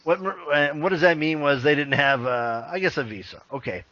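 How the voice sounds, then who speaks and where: A man's voice: fairly high pitch, normal speed, bright, forceful tone, highs cut off. A man hosting a casual online news show, hyped and slangy, laughing often and trailing off mid-thought. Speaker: host of a virtual-world news show.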